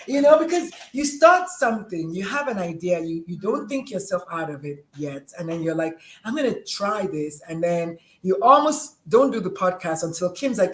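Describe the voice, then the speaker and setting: Bubbly middle-aged woman, live podcast host, talks fast in loops and restarts. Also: mid-range voice, lively intonation. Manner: bubbly and effusive, rambling with restarts. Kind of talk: casual live-stream chat.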